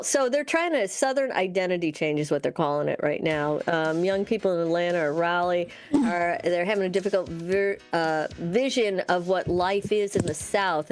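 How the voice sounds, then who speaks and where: A woman co-hosting a local radio show, chatting casually and reading news excerpts aloud with lots of fillers. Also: on the low side. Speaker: radio co-host. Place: radio studio.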